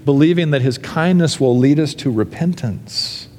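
A man preaching a sermon as a pastor, earnest, building to fervent emphasis and falling to soft pleas. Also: fairly high pitch, expressive, moderate pace, few pauses, long reverb tail.

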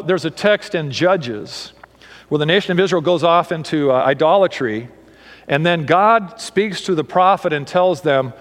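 A man preaching a sermon, emphatic, swinging between raised and hushed delivery. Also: sits high, long reverb tail.

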